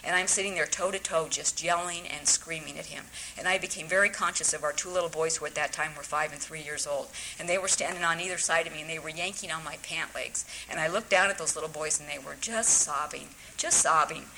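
A woman's voice: deep voice, brisk, pushed and bright, a little hiss or hum, rough recording. A woman telling her own story at a recovery talk, wry and self-mocking, often restarting her sentences.

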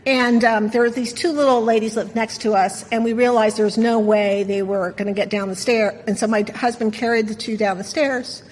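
Middle-aged woman sharing her story, wry and candid, kinda husky, big echoey hall. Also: a little high, fairly even intonation, a little fast, hardly any pauses. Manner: wry, candid, self-mocking. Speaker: speaker sharing at a recovery meeting. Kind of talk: personal storytelling share.

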